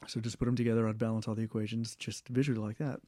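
A young man in a casual interview, talking in a rambling way with many fillers, restarts and throat clearing. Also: lowish voice, flat delivery, racing, dark tone, no room sound, clean studio sound. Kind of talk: casual oral history interview.

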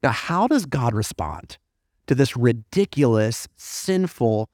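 A man preaching a sermon as a pastor in a church, lively and emphatic, with dry humorous asides. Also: mid-range voice, slow pace, dry recording. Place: church sanctuary.

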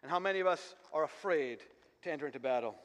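A man's voice: on the high side, animated, fast. A man preaching a sermon as pastor, fervent and repetitive, restarting phrases as he builds each point. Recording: long hall reverb.

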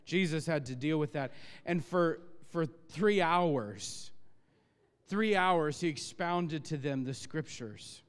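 A male pastor preaching a sermon, impassioned and emphatic, his voice building to loud peaks. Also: fairly high pitch, expressive, takes it slowly, smooth. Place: church sanctuary. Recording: long church reverb.

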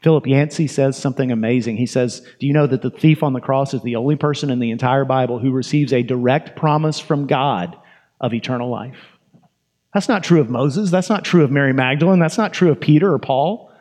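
A man's voice: mid-range voice, brisk, a little mellow. A man preaching a sermon in a conversational, emphatic way, asking questions and repeating phrases for effect.

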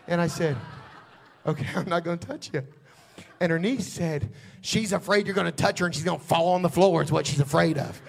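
Man, pastor, high-pitched voice, folksy sermon storytelling, rising to shouts. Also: brisk, gravelly.

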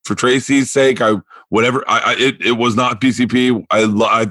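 A man's voice: mid-range voice, normal speed, no echo. A man, a comedian guest, telling stories in casual talk, tripping over restarts and acting out the people he quotes. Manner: animated, stammering restarts, acts out quoted people. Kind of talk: casual storytelling.

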